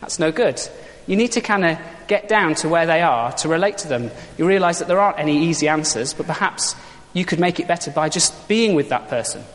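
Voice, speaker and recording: A man preaching an Easter sermon in a chatty, informal way, full of rhetorical questions. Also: on the high side. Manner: informal, conversational, uses props and rhetorical questions. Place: church. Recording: long church reverb.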